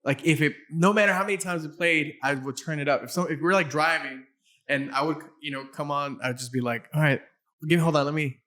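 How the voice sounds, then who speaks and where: A man hosting a relaxed conversation with a guest, his voice sitting a little high for a man. He talks in fits and starts, repeating words and restarting sentences as he works out his thoughts. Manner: halting, many restarts and fillers. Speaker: podcast host. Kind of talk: casual chat.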